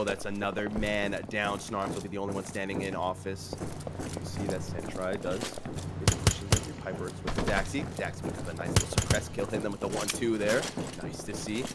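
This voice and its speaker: A man's voice: on the low side, very noisy. A man casting an esports match in a casual, laid-back way, laughing often and calling people bro and dude. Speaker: esports caster. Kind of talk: casual play-by-play commentary.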